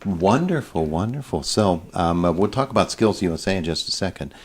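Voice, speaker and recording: A man's voice: deep voice, expressive, brisk, a little mellow, slightly rough. A man hosting a morning radio interview in a studio, chatty and encouraging, with folksy asides. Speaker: radio morning show host. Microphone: studio microphone.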